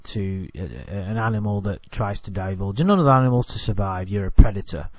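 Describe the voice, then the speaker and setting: A man's voice: fairly low pitch, lively intonation, brisk, dry recording, muffled recording. Rambling Englishman commenting bluntly. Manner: rambling, self-correcting, blunt. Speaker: video commentator. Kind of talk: casual commentary on a TV clip.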